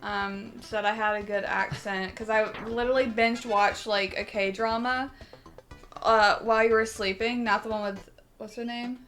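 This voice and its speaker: A woman's voice: a little high, steady tone, moderate pace, a bit bright, faint music behind. A woman joining her husband's let's play, chatting casually and rambling with giggles. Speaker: co-player, host's wife. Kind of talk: casual gameplay chat.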